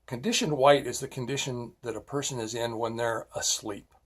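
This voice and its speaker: A middle-aged man and former police officer delivers a blunt safety talk packed with personal stories, his slightly rough, mid-range voice moving at normal speed with fairly even intonation. He is emphatic, keeps checking in with "all right?", and turns blunt and scolding when driving a point home.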